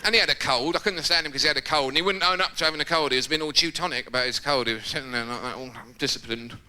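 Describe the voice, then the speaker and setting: A man doing a live stand-up routine on a theatre stage, lively and jumping into quoted voices and shouts. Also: fairly high pitch, very fast. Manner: animated, jumps into shouted impressions and quoted voices. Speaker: stand-up comedian. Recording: loud background noise, live theatre recording.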